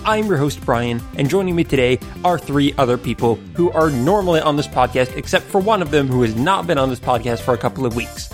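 A man's voice: mid-range voice, animated, fairly quick, hardly any pauses, soft background music. A man hosting a video game podcast, bantering playfully with his co-hosts in mock exasperation and laughing often, on a mic with a pop screen. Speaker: podcast host. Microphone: studio mic with pop screen.

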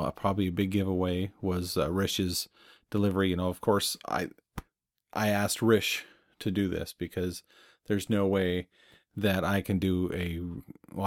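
A man hosting a podcast, talking in a reflective, conversational way and chuckling at himself now and then. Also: deep voice. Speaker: podcast host. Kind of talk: casual chat.

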